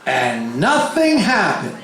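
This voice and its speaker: A man telling a story live between songs, animated and swinging his pitch for the voices he quotes, swearing freely. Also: slow pace. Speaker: stage performer telling a story. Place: large concert hall before a live crowd. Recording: echoey live hall with crowd.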